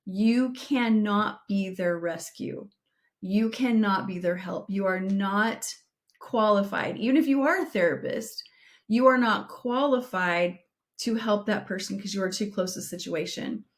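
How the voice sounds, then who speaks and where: Earnest middle-aged woman podcast co-host. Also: mid-range voice. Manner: earnest, direct, slows down for emphasis. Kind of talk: advice podcast with personal storytelling.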